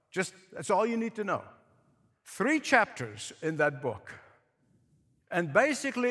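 A man's voice: sits high, a bit bright. A man preaching a sermon, emphatic, repeating points for stress and asking his listeners questions. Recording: echoey hall with long reverb.

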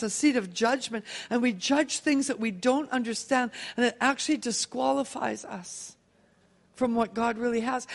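A woman preaching a sermon, telling a personal testimony with lively, emotional storytelling. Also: on the high side, gravelly. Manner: animated storytelling, laughing and emotional.

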